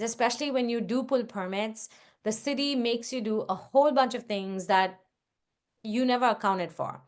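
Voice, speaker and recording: A woman answering questions on a video call in a casual, practical way, with frequent "like" and "um". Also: a little high. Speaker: guest investor.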